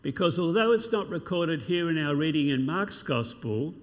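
A man's voice: a little high, lively intonation, moderate pace. A man preaching a sermon, asking rhetorical questions and reading scripture passages aloud. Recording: long hall reverb.

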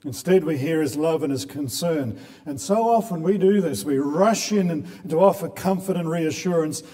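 A man's voice: on the high side, normal speed, dark tone. A man preaching a sermon in an earnest way, often repeating words as he builds a point. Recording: long hall reverb.

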